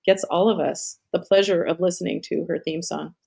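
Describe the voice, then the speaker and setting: A woman's voice: lowish voice, fairly even intonation, moderate pace, gravelly, darkish tone, husky. A middle-aged woman hosting a live stream in casual chat, rambling off on tangents, swearing and laughing often.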